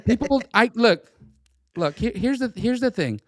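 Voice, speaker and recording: Middle-aged guy cohosting a podcast, stumbles over words a lot, jokey, pitch all over, dry mic. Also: a little slow, dry recording. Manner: animated, stammering, jokey. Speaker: podcast co-host. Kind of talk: casual political chat.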